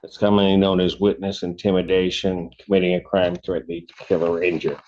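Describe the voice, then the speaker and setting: Judge guy reading out charges, lowish voice, slow and formal, muffled court audio. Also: flat delivery, a little mellow. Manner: measured, formal, repeats questions patiently.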